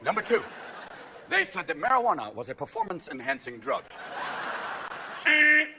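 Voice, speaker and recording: A middle-aged man doing a manic stand-up routine, switching rapidly between characters and bursting into shouts. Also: high-pitched, huge pitch swings, gravelly. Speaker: stand-up comedian. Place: theater stage before a live audience. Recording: live show recording with crowd laughter and noise.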